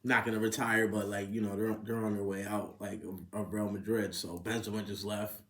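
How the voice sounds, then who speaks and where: A man's voice: on the low side, little pitch movement, fairly quick, a bit bright. A man hosting a casual sports podcast, swearing freely and rising into incredulous outbursts. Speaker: podcast host. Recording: roomy echo.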